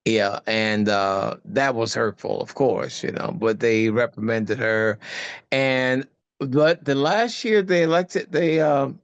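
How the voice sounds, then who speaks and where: A man's voice: medium pitch, slow, clean tone, no echo, lo-fi sound. An older man, a guest actor, telling stories in a casual interview, rambling and searching for words, laughing often. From United States.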